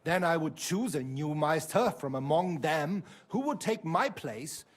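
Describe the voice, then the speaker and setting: An actor playing a proud middle-aged German master fencer in a video game, speaking with a German accent. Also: male voice, a little high, expressive, a little slow. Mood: proud, aggrieved. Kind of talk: game voice acting.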